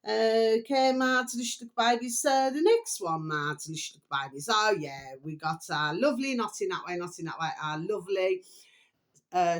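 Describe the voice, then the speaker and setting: A middle-aged woman talking casually to her viewers, drifting from one thought to the next in a loose, rambling flow. Her voice sits a little low for a woman, and she speaks without a script. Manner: rambling, keeps repeating a pet phrase to viewers. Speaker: vlogger. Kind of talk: casual unrehearsed chat to camera.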